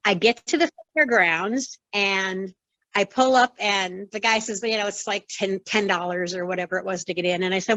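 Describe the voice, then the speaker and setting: Older woman telling a lively story. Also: mid-range voice, normal speed, no echo, rough recording. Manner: lively storyteller who acts out quoted dialogue. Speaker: former wrestling referee, interview guest. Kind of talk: conversational storytelling.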